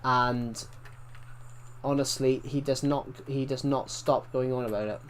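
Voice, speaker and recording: A man's voice: mid-range voice, steady tone, a little slow, a little hiss or hum. A young British man chatting casually while live-streaming a game and reading out viewer comments, rambling with restarts and mild swearing. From Britain.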